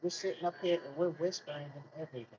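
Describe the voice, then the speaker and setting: A man's voice: on the high side, rapid-fire, darkish tone. A man telling a personal story in a casual vlog rant, asking rhetorical questions and repeating himself in colloquial speech. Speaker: vlogger. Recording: muffled lo-fi with faint hiss.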